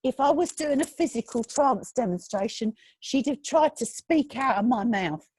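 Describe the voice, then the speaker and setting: A woman's voice: fairly high pitch, expressive, moderate pace, a little mellow, breathy edge, low-quality recording. A woman giving a mediumship demonstration over a video call, chatty and reassuring as she relays messages. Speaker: spiritualist medium.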